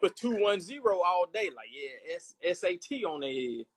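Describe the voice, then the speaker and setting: A man's voice: high voice, big pitch swings, moderate pace. A man from Georgia co-hosting a casual live stream, speaking in a laid-back, slangy way with short replies. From Georgia, with time in Texas. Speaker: livestream co-host.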